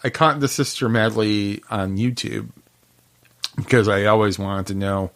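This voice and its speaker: A man co-hosting a podcast, chatting casually about music, unhurried and hesitant, often laughing. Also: on the low side, fairly bright tone. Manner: unhurried, giggly, hesitant with fillers. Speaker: podcast co-host.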